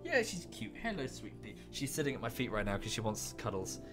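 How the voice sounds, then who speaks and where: Male streamer, casual and rambling desk-mic commentary, mid pitch, soft music bed. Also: very animated, fairly quick. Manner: chatty and rambling, with offhand asides. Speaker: game streamer.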